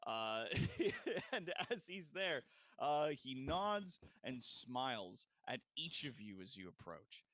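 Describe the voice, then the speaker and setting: A man's voice: mid-range voice, big pitch swings, slow pace, a bit bright, no echo. A man narrating a tabletop game as dungeon master, casual, with frequent fillers and restarts.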